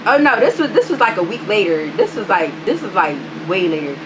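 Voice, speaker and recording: A woman vlogger telling a story in a casual, animated and profane way, full of fillers. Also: medium pitch, a little fast, noisy background.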